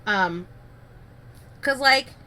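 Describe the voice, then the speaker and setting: A woman co-hosting a podcast, chatting casually and retelling scenes with quick acted-out lines. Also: medium pitch, lively intonation, sharp tone. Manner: chatty, acts out characters' lines while retelling. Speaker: podcast co-host. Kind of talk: casual chat recapping a soap opera.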